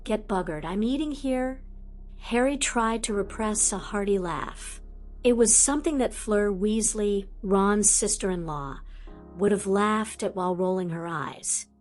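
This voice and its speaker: A woman narrating a fan fiction audiobook in a measured, unhurried reading. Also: medium pitch, faint music behind.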